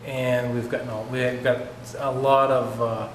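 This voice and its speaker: In an old theater, a male ghost-hunt host and lead investigator narrates and wraps up the hunt in a plain, matter-of-fact way, with some "uh" fillers. His mid-range voice barely moves in pitch and keeps a moderate pace, and the recording is reverberant and hissy.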